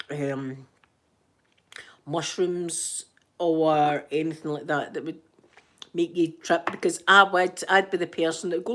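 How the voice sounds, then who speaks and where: Scottish woman, fifties, sore throat, soft rambling ASMR chat with a self-mocking streak. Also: fairly low pitch. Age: 50s. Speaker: ASMR channel host.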